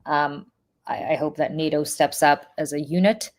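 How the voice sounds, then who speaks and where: A woman's voice: low-pitched, fairly even intonation, normal speed. A woman with a Russian accent co-hosting a political podcast, talking in an earnest, emphatic way with lots of fillers. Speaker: podcast co-host. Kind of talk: casual political podcast chat.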